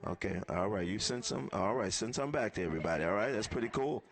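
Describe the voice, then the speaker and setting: A man's voice: fairly low pitch, expressive, fast, husky. A man emceeing a live event, thanking sponsors and calling guests up one by one in an upbeat way.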